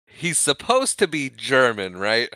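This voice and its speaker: A man with a bright, forceful voice, fairly low in pitch, co-hosts a movie podcast. He recaps scenes in an animated, joking way, and his speech sounds smooth and crisp. The recording is dry and close. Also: unhurried, dry recording. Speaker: podcast co-host. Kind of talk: casual movie recap chat.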